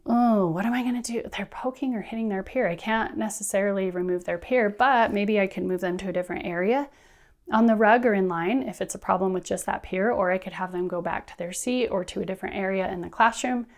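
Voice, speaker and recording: A woman teacher trainer giving friendly, brisk instructional talk, often acting out what students and teachers say. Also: medium pitch. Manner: friendly, brisk, acts out classroom quotes.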